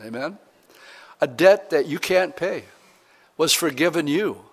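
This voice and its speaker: A man's voice: on the high side, animated, a little slow, vocal fry, breathy edge. Man preaching an earnest sermon. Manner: earnest, conversational preaching with emphatic rises. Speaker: pastor.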